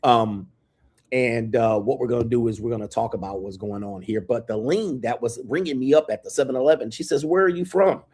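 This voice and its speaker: The voice is a man's, medium in pitch, husky, and dark in tone. He's American, broadcasting a live stream from a hotel room close to an airport, where he hypes himself with swaggering brashness and a long, stretched-out list of titles in loose, boastful talk.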